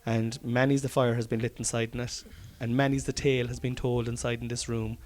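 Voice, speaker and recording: A man's voice: medium pitch, flat delivery, a little fast, a little mellow. An Irish man, a comedian hosting a podcast, chatting casually at home, swearing often and rambling. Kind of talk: casual chat. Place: study by an open fire at home.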